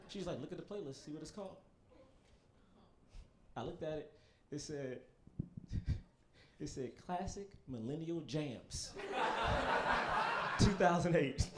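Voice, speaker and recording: A young man performing a stand-up comedy set, telling profane, animated stories with quick asides to the audience. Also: sits high. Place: comedy stage in front of a live audience.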